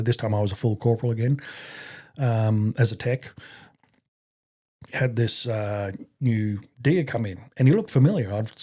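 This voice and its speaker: A middle-aged Australian man telling his story as a podcast guest in a halting way, with many restarts and fillers and blunt swearing. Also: medium pitch, mellow. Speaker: podcast guest, army veteran. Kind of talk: casual conversational storytelling.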